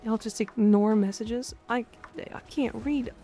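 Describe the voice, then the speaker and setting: A woman's voice: on the high side, measured pace, warm tone, faint music behind. A woman streamer chatting playfully with her viewers in a casual live stream.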